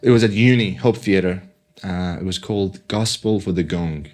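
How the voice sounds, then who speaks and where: Young man from Iran, lowish voice, halting testimony with restarts, podcast guest. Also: a little mellow. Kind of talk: personal testimony storytelling.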